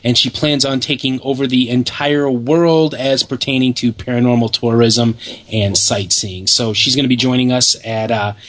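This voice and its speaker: A man's voice: medium pitch, steady tone, normal speed, a bit bright. Upbeat male radio talk show host. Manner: upbeat, steering the show with fillers. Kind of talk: casual chat.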